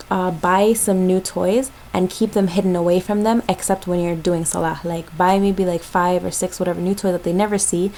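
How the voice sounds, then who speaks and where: A woman's voice: lowish voice, warm tone, a little hiss or hum, low-quality recording. A young woman from Jamaica, a mother, giving parenting tips in a casual, chatty vlog with lots of ums and likes.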